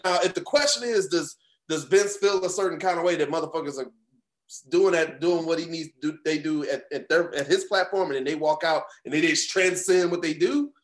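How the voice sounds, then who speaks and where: A man co-hosting a casual wrestling podcast from home, talking in an animated, profane way with many repeats and restarts. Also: fairly high pitch, a little fast, echoey room. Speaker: podcast co-host. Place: home room.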